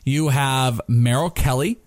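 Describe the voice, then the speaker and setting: A man's voice: mid-range voice, unhurried, no echo. Joking man from Arizona, dry sound. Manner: joking, self-deprecating banter. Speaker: podcast co-host. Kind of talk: casual fantasy football chat.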